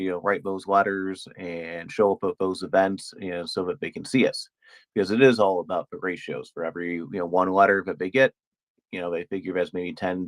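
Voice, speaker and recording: A man in a live audio chat, talking casually and filling pauses with "you know". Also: low voice, no room sound, low-quality recording. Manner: leans on "you know" as filler. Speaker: participant in a live audio discussion.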